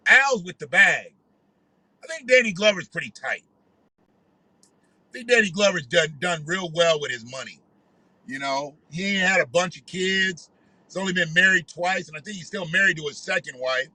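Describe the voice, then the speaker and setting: Bright, heated ranting man. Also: high voice, lively intonation, normal speed, no echo, poor audio. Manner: heated, profane, conversational. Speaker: commentator. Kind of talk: ranting commentary.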